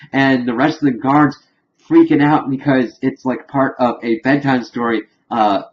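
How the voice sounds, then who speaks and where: Male reviewer, casual rambling recap, mid pitch, muffled home audio. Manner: rambling, heavy use of "like". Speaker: TV episode reviewer. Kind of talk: casual spoken episode recap.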